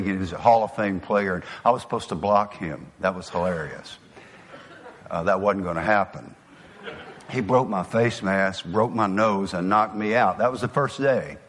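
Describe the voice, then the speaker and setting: A man's voice: fairly low pitch, fairly bright tone, in a large hall. An older man with a Southern US accent giving a motivational speech, telling folksy stories and dropping to a near whisper for emphasis. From American South. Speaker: motivational speaker.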